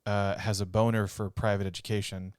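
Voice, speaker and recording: A man's voice: fairly low pitch, level tone, a little fast, a little mellow, smooth, dry recording, studio quality. A man co-hosting a gaming podcast, chatting casually and rambling while he laughs often. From North Texas. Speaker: podcast co-host.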